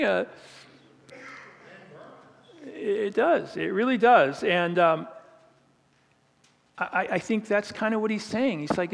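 A man with a fairly high voice preaching a sermon, conversational and vivid, with humorous asides. The recording has the long reverb of a large hall. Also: expressive, measured pace, creaky, long pauses.

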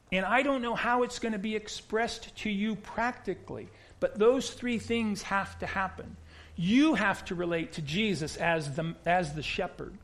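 Male pastor with an American accent and a high, light voice; talks through his sermon plainly and often repeats himself at the start of a phrase. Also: a bit bright. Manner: conversational, repeats words when starting sentences.

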